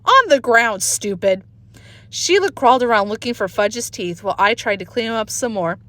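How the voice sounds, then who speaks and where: A woman's voice: fairly high pitch, fairly quick, no room sound. A woman reading a children's book aloud expressively, recorded on a phone. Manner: expressive storytelling. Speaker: reader.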